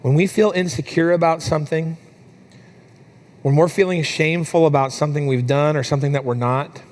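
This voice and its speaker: A young adult man preaching a sermon in a church, telling a family story with lively, animated delivery. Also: a little high, a little fast. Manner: storytelling, animated when quoting his daughter. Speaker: pastor.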